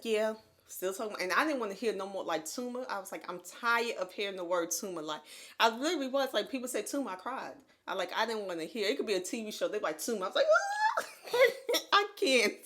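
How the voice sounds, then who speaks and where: A woman co-hosting a podcast, telling a personal story in casual chat, animated and laughing often as she acts out what others said. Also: medium pitch. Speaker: podcast co-host. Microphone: USB condenser mic.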